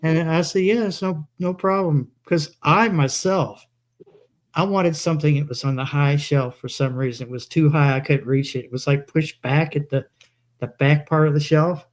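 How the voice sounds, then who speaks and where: A man's voice: fairly high pitch, normal speed. A man telling long rambling anecdotes in a casual live chat, quoting himself as he goes. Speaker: co-host.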